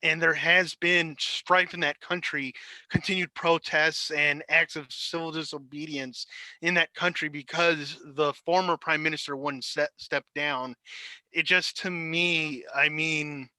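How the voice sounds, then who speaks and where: Guy with a really bright voice, stumbles and restarts a lot, dry sound. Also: a little high, no echo, low-quality recording. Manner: hesitant, restarts, fillers. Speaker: podcast co-host. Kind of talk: casual discussion.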